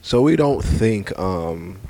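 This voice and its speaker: A man from Brooklyn, co-hosting a casual podcast chat and telling stories in an animated, profane way. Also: sits low, slow, slight background noise. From Brooklyn, New York. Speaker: podcast co-host.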